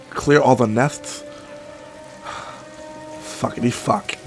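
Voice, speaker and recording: A sick man with a cracking voice giving rambling, excitable gameplay commentary, swearing often. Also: medium pitch, slow, gravelly, pauses often, faint music behind. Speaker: let's play gamer.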